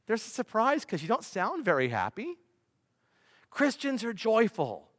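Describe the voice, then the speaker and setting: A man, a pastor, preaching a sermon with emphatic delivery, rhetorical questions and swings between loud and soft. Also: high voice, wildly swooping pitch, measured pace. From United States. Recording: long reverb of a large hall.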